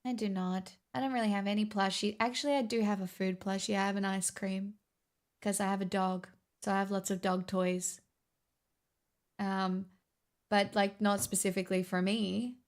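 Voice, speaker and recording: An Australian woman, her accent tinged with American vowels, chats loosely with her stream, a gravelly rasp running under her voice. She rambles, leans on fillers and swears offhandedly. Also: medium pitch, level tone, normal speed. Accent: Australian, slightly Americanised. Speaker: livestreamer. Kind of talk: casual livestream chat.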